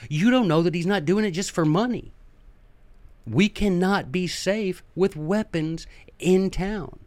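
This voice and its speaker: A man's voice: high voice, a little slow, darkish tone, no room sound. Chatty male storyteller, dry close sound. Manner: chatty, joking asides, acts out characters. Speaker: podcast host. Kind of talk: casual history storytelling.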